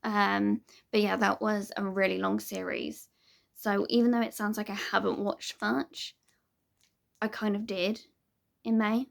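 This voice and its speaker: A woman's voice: medium pitch, flat delivery, a little slow, vocal fry. A young woman chatting casually to camera as a vlogger, rambling with lots of ums and little laughs.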